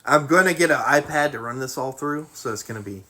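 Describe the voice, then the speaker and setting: A man's voice: mid-range voice, fairly quick, pushed and bright. A man in his twenties co-hosting a casual podcast chat, teasing and boastful in his banter. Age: 20s. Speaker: podcast co-host.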